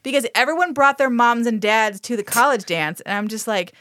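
A woman's voice: fairly high pitch, animated, fairly quick, a bit bright, dry recording, studio quality. A woman podcast co-host recapping a TV episode in casual chat, sarcastic and profane, with plenty of fillers.

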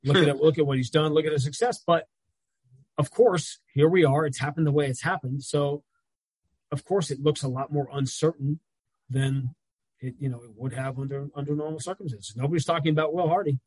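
A man talking basketball in casual chat as a regular analyst, telling stories with quick asides. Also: on the high side, a little mellow, slightly rough, no room sound.

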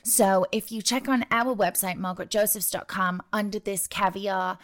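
A woman's voice: mid-range voice, fairly even intonation, moderate pace, a bit bright. A woman co-hosting a podcast, with a northern English accent mixed with New York and New Jersey, chatting in an upbeat, self-deprecating way. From north of England. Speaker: podcast co-host. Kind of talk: casual podcast chat.

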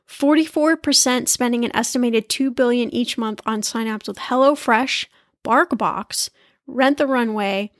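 A woman hosting a podcast in a chatty, animated way, laughing easily as she talks. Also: fairly high pitch, dry recording, studio quality. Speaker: podcast host. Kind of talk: casual chat.

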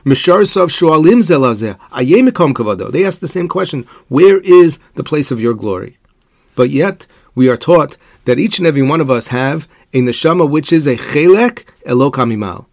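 A man's voice: fairly high pitch, lively intonation, darkish tone, no room sound. Man, Torah teacher, rhetorical questions, dry recording. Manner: measured explanatory delivery, posing rhetorical questions; weaves Hebrew quotations into English. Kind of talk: religious lecture.

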